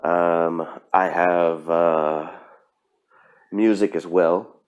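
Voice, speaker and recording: A man with a low, deep voice talks alone on his own podcast. He speaks earnestly and with emphasis, often pausing on fillers and restarting his sentences as he pushes his point. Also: steady tone, lo-fi sound. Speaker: podcast host. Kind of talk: solo motivational podcast talk.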